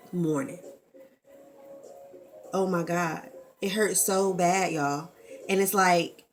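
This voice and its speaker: A woman, talking candidly and expressively in a casual vlog and swearing freely, into a camera mic. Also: on the low side. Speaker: vlogger.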